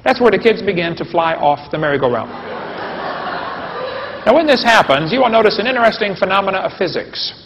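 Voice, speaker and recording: A somewhat high-pitched man with a gravelly edge lectures a live audience in a folksy, joking way and keeps asking them questions. The recording is dull and lo-fi, and his voice rings with a long hall reverb. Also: lively intonation, fairly quick, long pauses, fairly bright tone, a little hiss or hum. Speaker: creation science lecturer.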